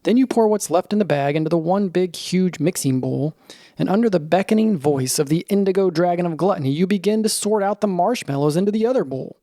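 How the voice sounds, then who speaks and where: A man narrating a scripted children's story in the second person, in a lively storytelling manner. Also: high voice, fairly quick, no room sound, clean studio sound.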